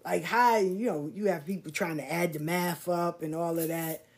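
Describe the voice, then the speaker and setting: Animated middle-aged New woman storyteller. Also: lowish voice, moderate pace. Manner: animated, quoting people in a lively street-slang voice. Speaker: storyteller sharing her life. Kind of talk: casual personal storytelling.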